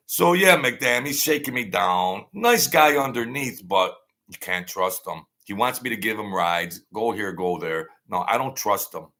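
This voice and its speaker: A man's voice: fairly low pitch, expressive, measured pace, bright, forceful tone. An older man, host of his own channel, telling a rambling story in a blunt, wary, streetwise way.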